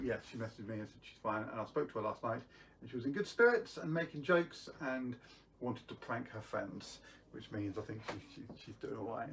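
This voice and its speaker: A man's voice: medium pitch, far from the mic, slight background noise. A man hosting a live magic stream, chatting casually to viewers with lots of ums and restarts.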